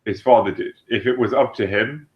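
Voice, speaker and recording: A man's voice: medium pitch, fairly quick. A man co-hosting a podcast, reasoning in casual chat with hesitant fillers. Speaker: podcast co-host. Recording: dull lo-fi sound.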